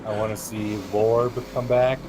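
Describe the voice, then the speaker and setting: Measured man chatting, music behind. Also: on the low side, flat delivery. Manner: measured, brief, hedging opinions. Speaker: podcast co-host. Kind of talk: casual chat.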